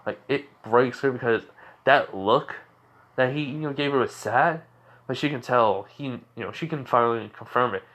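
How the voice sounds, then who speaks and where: A man's voice: medium pitch, moderate pace, a bit bright. Rambling man retelling a fan story. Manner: rambling with constant fillers.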